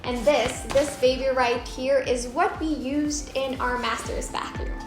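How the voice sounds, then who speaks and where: A woman from the Philippines with a slightly high voice hosts a home design vlog. She talks to camera with chatty enthusiasm as she describes her choices. The room is echoey, and music plays underneath. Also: steady tone, measured pace. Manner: enthusiastic, shows off samples with a chatty, descriptive flow. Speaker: interior designer and vlog host. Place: home under renovation, indoors. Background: background music, occasional banging.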